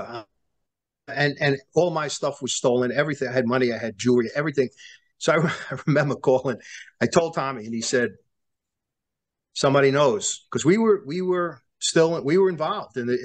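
A man's voice: medium pitch, brisk. A man, a former prosecutor telling long stories as an interview guest, acting out the lines of the people in them, with many restarts. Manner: animated storyteller who acts out quoted dialogue, many restarts. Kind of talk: storytelling in a sit-down interview.

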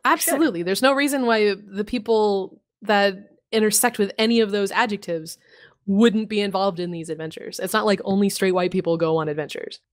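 A woman's voice: mid-range voice, fairly quick. A woman co-hosts a tabletop gaming podcast in an easygoing, chatty way. She laughs often, swears casually and pokes fun at herself. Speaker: podcast co-host. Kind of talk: casual chat about tabletop games.

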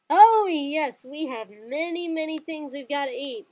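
High-pitched gleeful woman gamer. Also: a little slow. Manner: gleeful, excitable, with squeals and cackling. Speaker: let's player. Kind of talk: gaming commentary.

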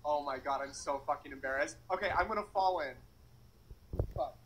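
A man's voice: on the high side, fairly quick, a bit bright, poor audio. A young man vlogging outdoors beside a public fountain, talking in a flustered, anxious, rambling way full of swearing. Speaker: vlogger doing a dare. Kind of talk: casual vlog to camera.

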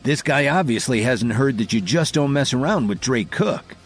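A spiteful young rival in an audio drama, voiced by a male narrator, sneering and eager to see his enemy humbled. His voice is husky and rises a little when he gloats. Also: medium pitch, expressive, moderate pace, soft background music, lightly acted. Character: boastful, spiteful young man seeking revenge.

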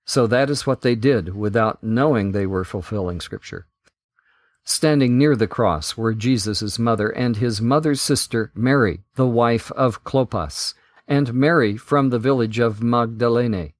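A man hosting a Bible podcast, reading scripture in a measured, deliberate way. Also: mid-range voice, dry recording.

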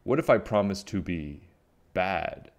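A man voicing a small, kind, eager girl witch in a high, pleading child voice. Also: animated, measured pace.

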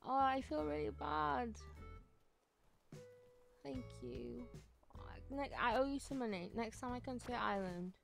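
Excitable giggly woman streamer. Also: on the high side, a little slow, vocal fry, pauses often, faint music behind. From United Kingdom. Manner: excitable and giggly, chatty with lots of fillers. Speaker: game streamer. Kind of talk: casual live-stream chat.

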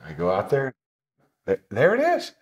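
A man telling a travel story in a casual sit-down interview, animated and swearing, acting out what people said. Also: medium pitch, moderate pace. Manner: animated, swearing, acts out quotes. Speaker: motorcycle traveler telling his trip.

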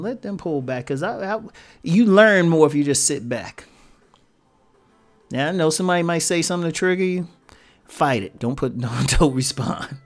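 A man hosting his own video channel, talking casually to his audience, laughing often and posing rhetorical questions. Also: on the high side. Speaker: YouTube host addressing viewers. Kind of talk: casual talking-head commentary.

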